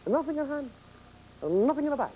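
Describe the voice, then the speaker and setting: A man's voice: extremely high pitch, sing-song, brisk, mellow, slight background noise, rough recording. A man in a put-on Polish accent voicing a bumbling male stage magician who talks in broken English. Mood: showy. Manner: broken English, chuckling, showy. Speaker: TV horror host doing magic. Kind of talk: 1970s TV horror host performance.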